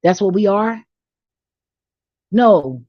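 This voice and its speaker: A woman's voice: mid-range voice, animated, drawn-out words, no room sound. Woman going off on a spiritual rant, cussing and preaching, dull dry lo-fi sound. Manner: blunt, profane, preachy, confrontational. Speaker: vlogger. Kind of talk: ranting spiritual monologue.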